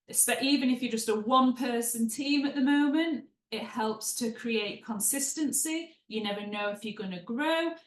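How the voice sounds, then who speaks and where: Chatty woman teaching in an echoey room. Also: mid-range voice. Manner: conversational, with chatty asides. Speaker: writing trainer and proofreader. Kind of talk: webinar teaching.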